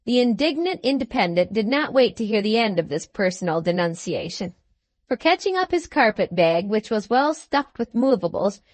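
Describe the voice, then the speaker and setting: A woman narrating a classic novel aloud in a measured, expressive style. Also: fairly high pitch, no room sound. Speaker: audiobook narrator. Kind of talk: scripted storybook narration.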